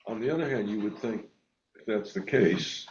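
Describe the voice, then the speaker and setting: Low-voiced man, reflective. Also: normal speed, darkish tone. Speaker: discussion participant. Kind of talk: casual discussion. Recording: dull lo-fi sound.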